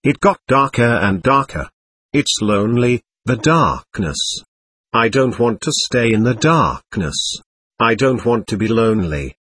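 A sorrowful ghost of a young mother, as a male reader puts her on, slow and halting, her sentences broken by grief. The voice is slightly husky and sits close and dry, with a lively rise and fall. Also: medium pitch, no echo. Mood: grieving.

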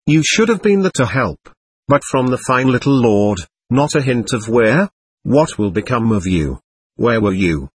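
A man's voice: mid-range voice, sing-song, normal speed, breathy edge, dry recording. A man reading the lines of an angry, worried mother who scolds her son and demands answers. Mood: scolding.

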